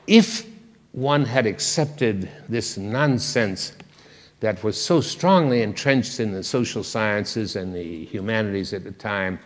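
Older man lecturing in a reverberant hall. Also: on the low side. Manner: wry, conversational, self-deprecating humor. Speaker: guest lecturer. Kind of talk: public lecture.

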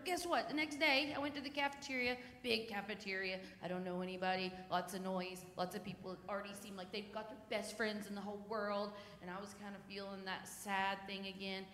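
Bright-voiced woman telling children a story. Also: a little high, normal speed. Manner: gentle, animated, talks to children. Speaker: children's time leader. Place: church sanctuary. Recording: echoey church hall, faint noise.

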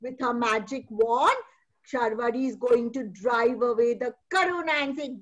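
A woman's voice: on the high side, moderate pace, low-quality recording. A woman, a kindergarten teacher hosting an online fancy dress show, encouraging and storytelling with drama.

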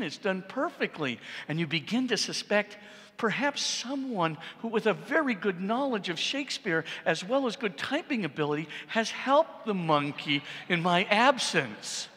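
A middle-aged man, a priest, giving an animated public lecture and often checking with the audience. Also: high-pitched, husky. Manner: animated, repeats for emphasis, asks the audience "right?". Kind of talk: public lecture on science and faith. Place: large church. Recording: long reverb in a church hall.

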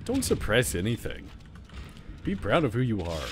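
A man's voice: lowish voice, wildly swooping pitch, normal speed, a little hiss or hum. A man streaming a horror video game, joking and chatting casually as he plays and talks back to the game. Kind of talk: casual gameplay commentary. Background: game music.

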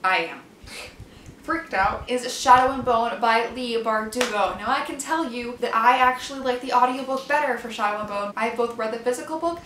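Chatty girl reviewing books, kinda high voice, far from the mic with faint noise behind. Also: normal speed, fairly bright tone, reverberant. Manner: chatty and enthusiastic, fillers like "like". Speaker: book reviewer. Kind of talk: casual book review vlog.

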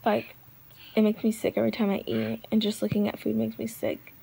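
Young mom rambling on phone vlog. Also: female voice, mid-range voice, flat delivery, fairly quick, gravelly, warm tone, slight background noise. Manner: rambling, hesitant, many fillers. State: feeling sick and down. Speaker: vlogger. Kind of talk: casual vlog chat.

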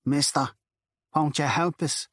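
A desperate young Dublin girl begs for help in a raised, higher voice, as a male narrator puts her on. She talks urgently and pleadingly, the words pressing and loud. The reading is dry and close. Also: measured pace, no room sound. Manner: urgent, begging.

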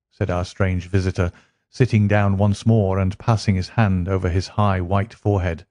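A man reading a story aloud in a steady, unhurried way as narrator for English learners. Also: low-pitched, dry recording, clean studio sound.

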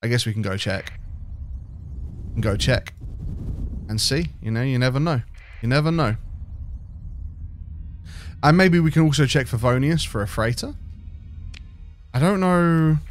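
A man's voice: mid-range voice, expressive, a little slow, long pauses, soft background music. A British man giving casual let's-play commentary, thinking aloud and rambling with restarts. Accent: British English. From Britain. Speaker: game streamer.

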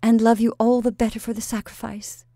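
A tender young woman speaks softly and lovingly to her soldier, her voice raised in pitch and half-whispered, as a woman reads her part. It is a storybook reading with a dry, close sound. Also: level tone, a little fast, dry recording. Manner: soft, affectionate, at times whispered.

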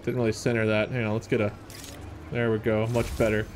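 A man's voice: lowish voice, level tone, brisk, a little hiss or hum. A man from Ohio streaming a game, chatting casually and reading out viewer messages. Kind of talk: casual live-stream chat.

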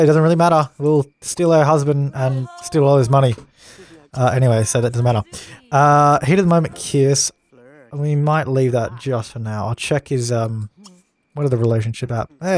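Playing a life-sim game for a let's play, this young gamer chats casually, gets exasperated easily and laughs at the game's mishaps. His voice is fairly high-pitched with a darkish tone.

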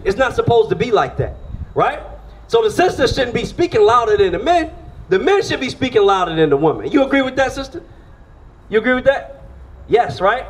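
A man preaching outdoors on a street, firing rhetorical questions at the crowd and pulling them into call-and-response. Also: very high voice.

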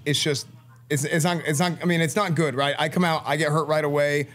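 A man, a streamer, telling a story in casual talk, animated and full of filler words. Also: on the high side, fairly quick. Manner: animated, lots of filler "like", acts out quoted speech.

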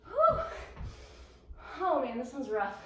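A high-voiced woman leads a home workout, out of breath and puffing between cheerful encouragements. She talks at an unhurried pace, counting down reps. Her voice sits back from the mic in a very echoey room, with a faint hiss behind it. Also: lively intonation, recorded from a distance. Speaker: fitness instructor.

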